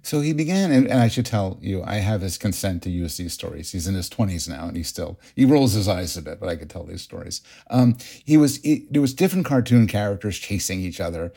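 A middle-aged man, a psychologist guest, explaining ideas in an animated, storytelling way with frequent restarts. His voice sits low, with a mellow, husky tone. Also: fairly quick, few pauses. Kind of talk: interview.

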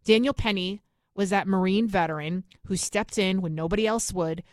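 A woman's voice: mid-range voice, no room sound, studio quality. A middle-aged woman with a New York accent, delivering a fiery, sarcastic political monologue as host. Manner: fiery, sarcastic, rapid-fire.

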